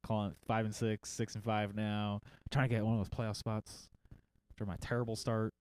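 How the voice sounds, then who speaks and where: A man with a smooth, resonant, fairly low voice hosts a sports show as a casual livestream. He rambles through lists with quick asides and pokes fun at himself. The sound is dry and close, with no room echo. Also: level tone, a little mellow. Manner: jokey and self-mocking. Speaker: fantasy football show host.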